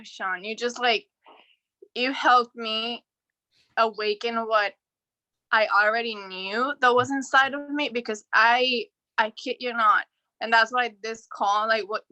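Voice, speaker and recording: A woman's voice: fairly high pitch, steady tone, unhurried, bright, forceful tone, dry recording, poor audio. A woman on a coaching call, tearful, heartfelt and rambling with many fillers. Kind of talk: emotional call-in chat.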